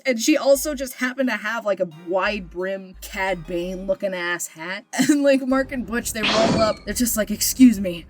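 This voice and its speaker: A woman casually retelling her old story characters, chatty and swearing freely, with frequent laughs and self-mocking asides. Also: medium pitch.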